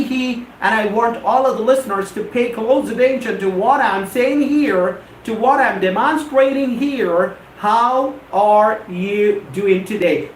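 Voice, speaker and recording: A man teaching a live online lesson, reading viewer questions aloud and repeating his points with emphasis. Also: high voice. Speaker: English teacher hosting a live session. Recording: roomy echo, faint background noise.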